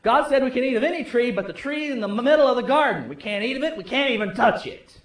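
A man's voice: very high-pitched, animated, quick pace, fairly bright tone, roomy sound. A man voicing Eve, the first woman, as chatty and flustered in a sermon retelling.

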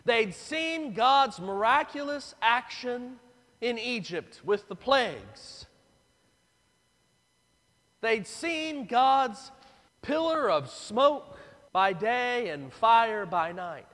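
Animated preacher in an echoing hall. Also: male voice, very high voice, extremely slow. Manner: dramatic, acts out voices of the crowd. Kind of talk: sermon. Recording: long reverb of a large hall.

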